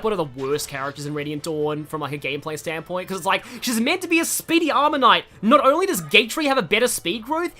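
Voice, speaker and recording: Talking over gameplay, a young adult streamer rambles and chats casually, repeatedly interrupting themselves partway through sentences. Their medium-pitched voice sounds pushed and bright.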